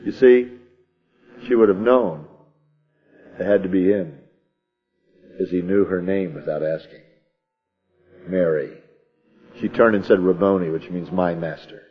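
This low, husky male voice moves at a moderate pace with frequent pauses, teaching a sermon in a folksy manner by reading scripture and acting out the story himself, chuckling as he goes. The high frequencies are cut off.

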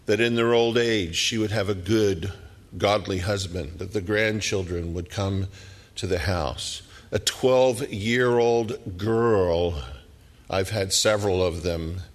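A middle-aged man preaching a sermon, telling the story dramatically and dropping at times to hushed whispers. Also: fairly low pitch, in a large hall.

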